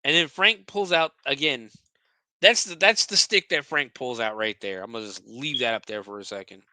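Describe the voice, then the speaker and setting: A man's voice: mid-range voice, moderate pace, pushed and bright, no echo. A man hosting a podcast, recapping a movie scene by scene in a casual, profane, sarcastic way, often stumbling over his words.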